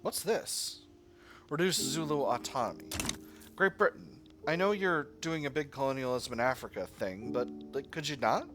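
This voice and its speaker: A man's voice: medium pitch, normal speed, over music. Musing man commenting on a strategy game. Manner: musing, rambling with fillers. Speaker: gaming channel host.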